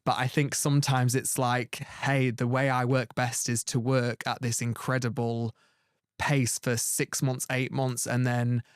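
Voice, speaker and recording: A man's voice: mid-range voice, little pitch movement, unhurried, dry recording, clean studio sound. A man giving a tarot reading, talking in a rambling, earnest way full of "like" and restarts. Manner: rambling, many "like" fillers and restarts; earnest and reassuring. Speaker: tarot reader.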